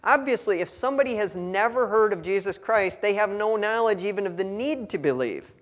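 A man with a fairly high voice and a drawl teaches through a Bible passage like a preacher. He reads the verses, then breaks into casual, folksy asides addressed to his listeners. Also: expressive, brisk, fairly bright tone.

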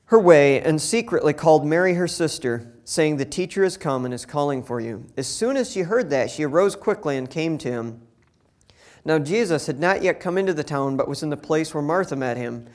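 A man's voice: a little high, expressive, normal speed, a little mellow. A man reading a Bible passage aloud and explaining it in a casual, conversational way, acting out the quoted lines in different voices. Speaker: Bible teacher. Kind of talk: scripture reading with casual commentary.

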